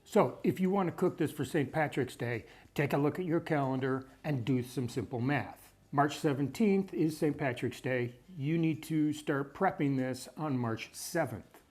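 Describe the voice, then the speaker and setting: A man from the Chicago area in the USA hosts a home cooking video, speaking in a dry, wry, matter-of-fact way. His voice is on the high side with a darkish tone, moving at a normal speed with few pauses.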